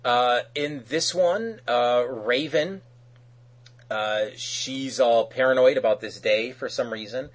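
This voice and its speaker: A man co-hosting a podcast, recapping an episode in casual chat, animated and loose, often laughing and acting out characters' lines. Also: medium pitch, slow pace, poor audio. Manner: loose, with frequent fillers and restarts. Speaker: podcast co-host.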